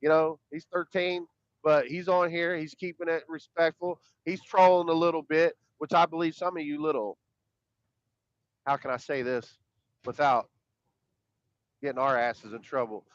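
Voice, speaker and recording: A man's voice: fairly high pitch, fairly even intonation, normal speed, long pauses, no room sound. A man, co-hosting a podcast in casual, rambling chat, emphatic and profane, often repeating his words. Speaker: podcast co-host. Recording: dull, dry lo-fi sound.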